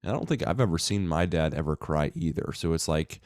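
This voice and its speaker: A man's voice: very deep voice, lively intonation, fairly quick, darkish tone, no room sound, clean studio sound. A man in a casual, reflective monologue to his viewers, full of fillers and restarts. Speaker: self-help vlogger.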